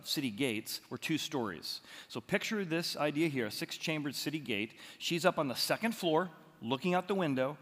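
Lively bright-voiced male preacher. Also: mid-range voice, in a large hall. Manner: animated dramatic storytelling. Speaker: pastor. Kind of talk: expository sermon.

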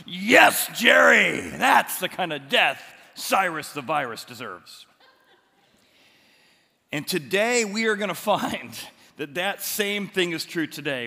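A man preaching a sermon as the pastor, telling stories with lively, animated bursts of loud excitement. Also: fairly high pitch. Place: church auditorium. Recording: long reverb of a large hall.

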